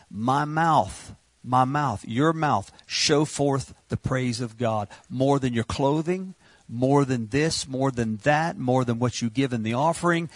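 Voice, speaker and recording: A man preaching a sermon, impassioned and repetitive, rising to shouts on words of praise. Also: medium pitch, measured pace, no echo.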